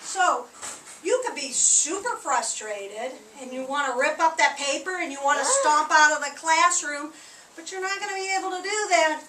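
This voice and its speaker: A high, bright-voiced woman teaching a class of small children, acting out each feeling with big swings in her voice. She is caught from far off in a roomy, echoing hall. A faint hum sits behind her. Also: moderate pace. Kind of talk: classroom lesson to young children. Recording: echoey room recorded from a distance.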